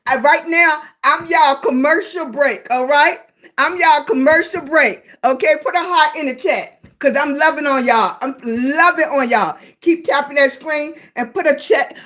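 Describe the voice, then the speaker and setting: Woman, high voice, casual livestream host, affectionate, calls viewers sweetie. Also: normal speed, a bit bright. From Virginia, US. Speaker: live streamer.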